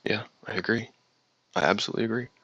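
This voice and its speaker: A man's voice: fairly low pitch, fast talker, fairly bright tone, slightly rough, no room sound, dull audio. A man with a slight Southern US accent who hosts a casual stream, reading viewer comments aloud and rambling through his reactions. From United States. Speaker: livestream host reading chat. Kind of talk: casual chat.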